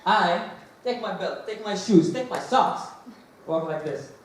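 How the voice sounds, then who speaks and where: A man tells comic anecdotes on stage with a lively, laughing delivery. His voice sits slightly high and carries through a very echoey auditorium. The mic is distant, with a faint hiss underneath. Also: a little slow. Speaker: monologue performer. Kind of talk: humorous storytelling monologue.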